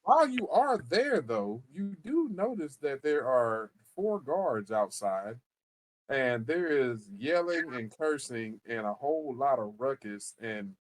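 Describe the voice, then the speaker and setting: A man narrating a tabletop game as game master, loose and casual, often repeating words and restarting. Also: medium pitch.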